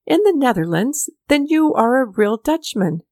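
A woman's voice: sits high, very animated, moderate pace, darkish tone, no room sound, clean studio sound, voice pushed up. Woman reading as a genial old poet. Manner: kindly, chatty, eager. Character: genial elderly male poet, warm host.

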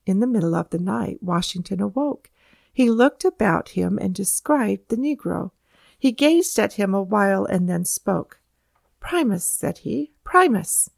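A woman reading historical anecdotes aloud as a steady storybook narration, lifting her voice for quoted speech. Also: medium pitch, normal speed, vocal fry, dry recording, clean studio sound. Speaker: audiobook reader. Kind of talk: scripted narration.

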